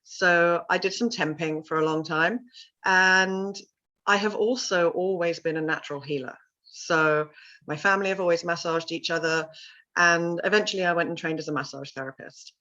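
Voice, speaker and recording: A middle-aged woman with a lowish voice tells her story in an interview, animated and expressive. She is a vocal coach who slips into little voices when quoting people. The audio is somewhat dull and lo-fi. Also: normal speed. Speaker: vocal confidence coach and sound healer.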